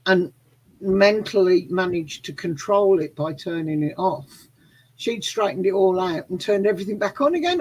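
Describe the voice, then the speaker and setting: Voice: medium pitch, moderate pace, poor audio. An adult telling a wry story in casual chat, with emphatic repetition.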